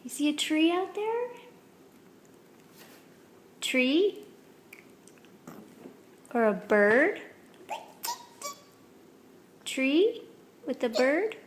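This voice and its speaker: A woman talks softly and very slowly at home, coaxing a small child with playful questions. Her voice sits a little high and stays gentle and patient. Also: sing-song, slight background noise. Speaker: parent coaching a toddler's words. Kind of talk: home video talk to a toddler.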